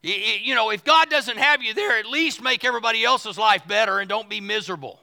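A man delivers a sermon in a very high, gravelly voice. His tone is bright and cutting, and he jokes in a folksy way before climbing into shouted declarations. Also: fast talker. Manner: folksy, joking, preaching with rising shouts. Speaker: pastor.

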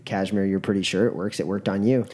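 A man's voice: low-pitched, steady tone, fast talker, background noise. A man narrating as game master of a tabletop role-playing game, loose and full of fillers.

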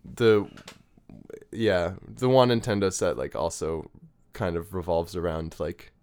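A man's voice: sits low, steady tone, measured pace, darkish tone, smooth. A young man in his twenties, a musician guest in a podcast interview, who rambles with lots of "like" and false starts. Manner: rambling, full of "like" and restarts.

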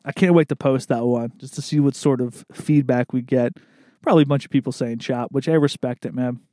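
A man's voice: medium pitch, fairly quick, mellow, no echo, studio quality. A man hosting a podcast in casual chat. He talks loosely, swears often and laughs a lot. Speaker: podcast host.

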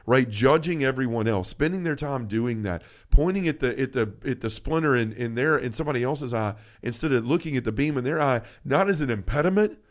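Guy on a faith podcast, earnest and emotional, keeps restarting sentences, mid pitch. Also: animated, a little fast, hardly any pauses. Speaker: podcast co-host.

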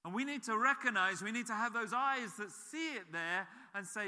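A man's voice: sits high, fairly quick, few pauses, sharp tone. A man preaching a sermon as a pastor, emphatic and repeating key phrases. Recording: reverberant hall.

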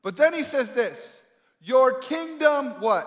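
A man preaching a sermon with emphatic delivery and dramatic pauses, swinging between loud calls and quiet asides. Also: very high voice, lively intonation. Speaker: pastor. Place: large echoey hall. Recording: echoey hall with long reverb.

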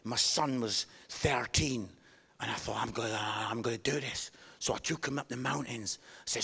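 A man, preaching a sermon with animated storytelling and self-deprecating humor. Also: medium pitch, normal speed, creaky, slightly rough. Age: 50s.

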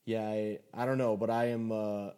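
A young man co-hosting a podcast in casual chat, excitable and laughing often as he recaps an episode. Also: lowish voice, moderate pace, smooth. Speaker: podcast co-host.

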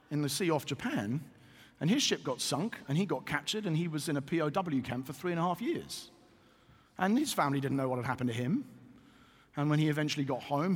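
A man preaching a sermon to a congregation, telling stories with animated asides. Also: fairly high pitch, breathy edge. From Britain. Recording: long reverb in a hall.

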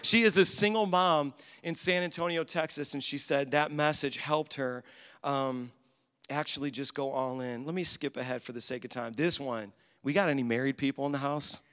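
A man preaching a sermon as pastor, energetic and joking with the congregation. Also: medium pitch, normal speed, smooth. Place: large church hall with congregation. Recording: live church sound with long reverb.

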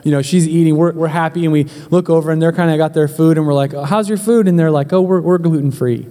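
A man's voice: on the high side, steady tone, quick pace, dark tone, big-room sound. A man preaching as a pastor, telling a humorous story in a chatty, joking way and speaking straight to his congregation. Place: church hall.

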